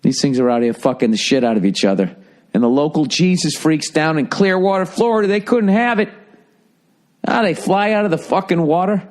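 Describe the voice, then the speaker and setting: A man's voice: on the high side, a little fast. Profane rambling male podcast host. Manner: profane, riffing, thinking out loud. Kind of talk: rambling solo podcast monologue.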